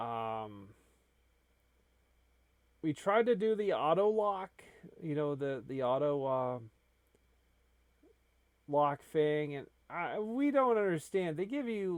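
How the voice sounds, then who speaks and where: Male gaming host, rambling and self-deprecating, slow delivery, dry close sound. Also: medium pitch, darkish tone, dry recording. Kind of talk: casual gameplay commentary.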